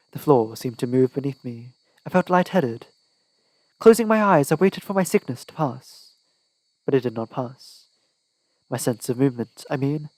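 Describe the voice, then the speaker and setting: A man's voice: mid-range voice, a little mellow, no echo, rough recording. A man narrating an audiobook in the first person with a dramatic, tense delivery. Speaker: audiobook reader.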